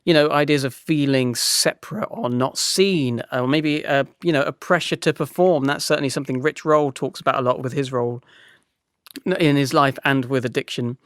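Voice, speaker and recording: A man's voice: mid-range voice, fairly even intonation, normal speed, fairly bright tone, clean tone, no echo, clean studio sound. A young man hosting a solo podcast, rambling and self-mocking with many restarts as he reflects aloud. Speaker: podcast host.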